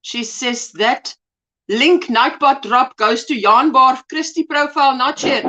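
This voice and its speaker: A middle-aged woman from South Africa hosting a crochet livestream, chatting warmly and reading out viewer comments. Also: high-pitched, a little slow. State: eyes tearing from allergies. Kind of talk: casual livestream chat, greeting viewers.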